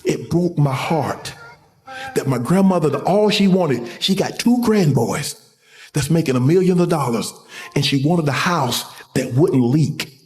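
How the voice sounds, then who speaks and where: Middle-aged male storyteller, raised pitch, long hall reverb; motivational speaker recounting a memory. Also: animated. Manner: storytelling, slows and softens at emotional points. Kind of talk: motivational speech.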